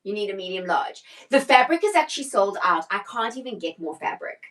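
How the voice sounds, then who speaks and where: A woman's voice: mid-range voice, sing-song, fairly quick, fairly bright tone, poor audio. A middle-aged woman, a personal stylist, chatting casually on a live shopping stream, answering viewer questions and often restarting her sentences.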